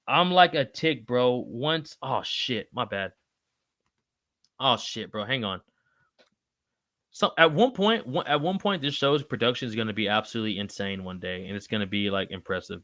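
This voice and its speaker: A male livestream host with a bright, lively voice that leaps upward whenever he gets excited. He talks in loose slang, cursing often and calling out viewers by name. The sound is dry and close, with no room around it. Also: no echo. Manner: swears freely, slangy, shouts out chatters by name; pitch jumps high when excited. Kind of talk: casual livestream chat reading comments.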